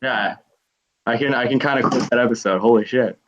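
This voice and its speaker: A man's voice: medium pitch, brisk, fairly bright tone. A young man hosting a casual livestream hangout, rambling through stories with lots of fillers. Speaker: stream host. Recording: dull lo-fi stream audio.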